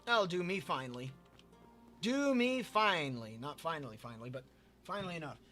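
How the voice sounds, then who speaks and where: A man's voice: a little high, lively intonation, fairly quick, sharp tone, soft background music. A man streaming a building game and telling a rambling story, often repeating himself and tripping over his words. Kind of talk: casual storytelling while gaming.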